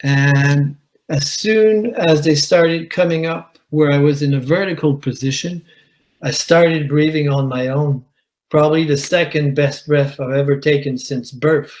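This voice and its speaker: A man, a commercial diver, telling his own story at a conference in a measured way, with pauses. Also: a little high, darkish tone, rough recording. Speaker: commercial diver giving a talk. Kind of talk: conference presentation, personal account. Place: conference hall.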